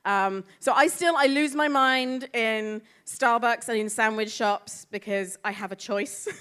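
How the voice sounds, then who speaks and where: A woman's voice: a little high, measured pace, fairly bright tone, clean tone. A woman with a British accent doing stand-up comedy on a club stage, with a dry, wry delivery. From Britain. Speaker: stand-up comic.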